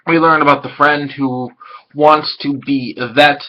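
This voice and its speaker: A man casually reviewing an anime episode, rambling and excitable, swearing now and then. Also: on the high side, unhurried, lo-fi sound.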